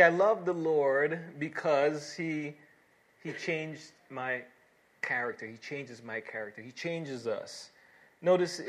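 A man's voice: mid-range voice, fairly bright tone. A man preaching a sermon, reading scripture verses aloud and then explaining them earnestly, building to emphatic exhortations. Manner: earnest, with fillers and restarts, rising to emphatic exhortation.

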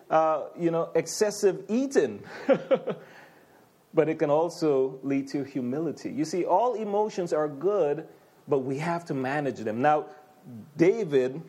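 A man's voice: fairly high pitch, warm tone. A man preaching a sermon as pastor, conversational and full of rhetorical questions, with frequent stammering restarts.

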